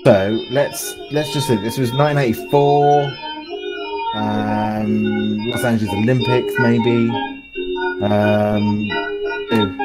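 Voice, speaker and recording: Slow, hesitant man on a podcast panel. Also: fairly low pitch, fairly even intonation, over loud music. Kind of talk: casual group chat.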